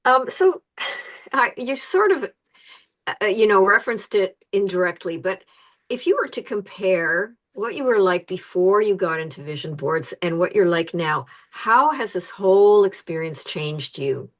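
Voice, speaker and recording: A woman podcast host asking questions in a soft, thoughtful way. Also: mid-range voice, animated, measured pace. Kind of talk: interview questions.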